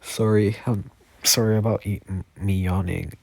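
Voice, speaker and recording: A tired man improvising a fan story aloud, halting and correcting himself often. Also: fairly low pitch, fairly even intonation, vocal fry, darkish tone, no echo. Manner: halting, self-correcting, many fillers.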